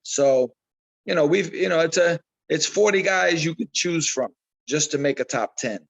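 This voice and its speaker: A man, a boxing trainer, telling animated stories in a casual interview and repeating himself as he goes. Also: on the high side, normal speed, creaky, rough recording. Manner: animated storyteller, repeats himself, acts out quotes.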